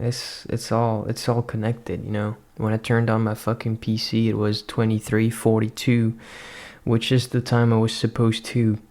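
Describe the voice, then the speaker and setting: Young male vlogger, non-native English, flat monotone delivery, swearing, soul-searching rant. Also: fairly low pitch. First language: not English. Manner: profane, ranting, introspective. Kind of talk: rambling personal monologue.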